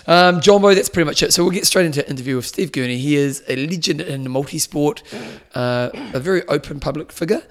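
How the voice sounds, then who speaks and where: A man hosting a sports podcast, chatting in an upbeat, quick way and introducing guests. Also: a little high. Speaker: podcast host. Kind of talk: casual chat.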